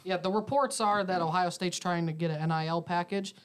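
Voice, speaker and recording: A man's voice: high voice, steady tone, fairly bright tone. Man hosting a sports chat podcast. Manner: steers the talk, halting restarts. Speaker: podcast host.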